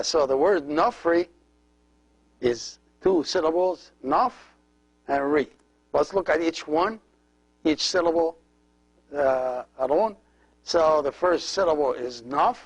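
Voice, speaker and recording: A middle-aged man, a priest, giving a slow step-by-step language lesson, patiently explaining each letter as he writes it. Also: a little high, low-quality recording.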